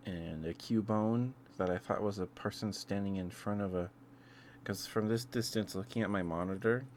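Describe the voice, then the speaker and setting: A man's voice: on the low side, steady tone, moderate pace, darkish tone, a little hiss or hum. A man streaming ASMR, chatting casually in a rambling, self-interrupting way with chuckles between thoughts.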